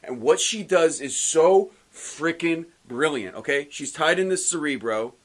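Man, slightly higher voice, animated retelling, casual comic chat. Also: a little slow. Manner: animated storytelling, acts out characters' lines. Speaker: comic book podcast co-host.

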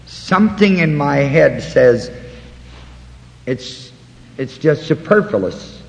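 A man teaching a Bible study, slowly walking listeners through word references in a deliberate way. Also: fairly high pitch, sing-song, vocal fry, long reverb tail, highs cut off. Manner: slow, deliberate, pausing to point out references.

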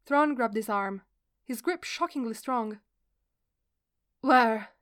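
Brief: woman reader, smooth and a little high, steady fan fiction narration. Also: unhurried.

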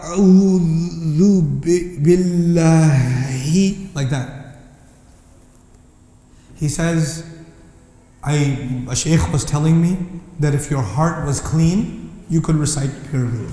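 Passionate preacher in an echoing hall. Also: male voice, a little high, takes it slowly, long pauses. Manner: passionate, rising to near-shouting when indignant. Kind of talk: sermon. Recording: echoey hall with long reverb.

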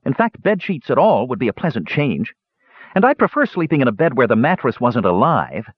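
A man's voice: mid-range voice, sing-song, brisk, slightly rough, no room sound, lo-fi sound, voice pushed up. A man voicing a young male mage who is irritable and proud, speaking in peevish, clipped retorts. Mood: irritated.

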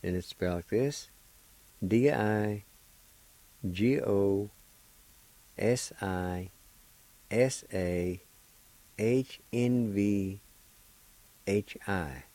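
A man hosting a radio language lesson, slowly spelling and pronouncing words syllable by syllable. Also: fairly low pitch, warm tone, no echo, low-quality recording. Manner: slow, deliberate, spells syllables one at a time. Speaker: language teacher and radio host. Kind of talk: slow spelling and pronunciation lesson.

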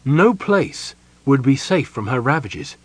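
A man narrating a fantasy audiobook with expressive, varied storytelling. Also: medium pitch, measured pace, slightly rough, no echo, rough recording. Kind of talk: scripted narration.

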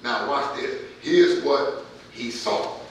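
A man preaching a sermon as pastor, his voice swelling louder as he drives points home. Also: mid-range voice, slow, a little hiss or hum. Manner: preaching with rising volume and calls of amen. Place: church sanctuary. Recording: distant mic in an echoey church hall.

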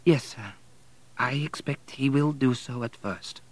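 A man voicing a humble, soft-spoken peasant mother in an audiobook reading. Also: medium pitch, measured pace, breathy edge, dry recording, voice pushed up. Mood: sorrowful. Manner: soft, pleading.

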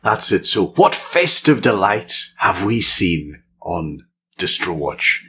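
Lively, low-voiced man co-hosting a podcast. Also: slow, a little hiss or hum. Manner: playful, enthusiastic. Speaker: podcast co-host. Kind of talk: casual chat.

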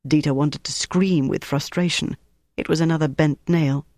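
Steady audiobook narrator, dry sound. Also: mid-range voice, moderate pace, no echo. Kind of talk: scripted narration.

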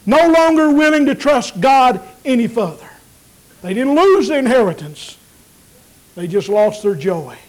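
A man preaching a sermon, building to emphatic peaks and then dropping low and quiet. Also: sing-song, a little slow, low-quality recording. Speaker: pastor.

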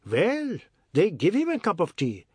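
Narrator doing a brash, melodramatic loudmouth in dialect, raised and pushy. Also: male voice, sits high, huge pitch swings, a little slow, slightly rough, no echo, clean studio sound, pitched above the performer's own voice, exaggerated voice. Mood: indignant. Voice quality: breezy, bawling, melodramatic. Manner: speaks in clipped island dialect. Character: brash loud middle-aged man, boastful then maudlin.

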